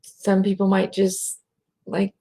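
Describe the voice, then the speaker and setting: Slow, gravelly-voiced American woman with a twang. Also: medium pitch, monotone. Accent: American rural twang. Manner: slow, soft, drops to a whisper at times. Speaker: spiritual speaker. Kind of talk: slow reflective talk with guided breathing.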